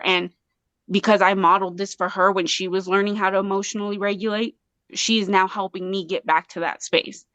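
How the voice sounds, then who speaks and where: A woman with a medium-pitched, fairly bright, clear and resonant voice speaks at normal speed with flat delivery, in a dry, lo-fi recording. She's a guest artist and mother from Colorado on an interview show, talking casually yet earnestly and passionately, with many restarts.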